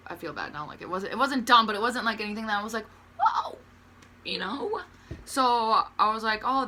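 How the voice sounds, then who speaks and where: A woman's voice: medium pitch, a bit bright, a little hiss or hum. A young woman telling bus stories to camera in a casual, profane, rambling way, full of "like" and calling herself awkward. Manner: profane, rambling, heavy use of "like"; self-described awkward. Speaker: vlogger.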